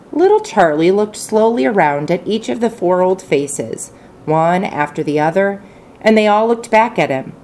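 A woman narrating an audiobook with expressive, animated storytelling. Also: fairly low pitch, a little slow. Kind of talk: audiobook reading.

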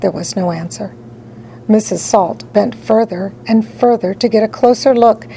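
A woman narrating a children's story in an expressive read-aloud style. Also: mid-range voice, normal speed, gravelly, a little hiss or hum, rough recording. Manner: animated, dramatic storytelling.

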